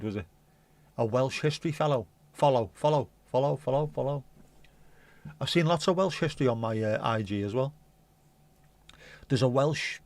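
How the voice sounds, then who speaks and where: Hosting a casual livestream, a man with a mid-range voice rambles and chats, swearing casually and humming little tunes. There's no echo on the recording.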